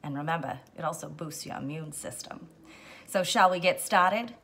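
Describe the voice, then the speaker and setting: Low-voiced woman hosting a cocktail show. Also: normal speed, fairly bright tone, slight background noise. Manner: playful, slips into a put-on continental accent. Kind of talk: casual how-to chat.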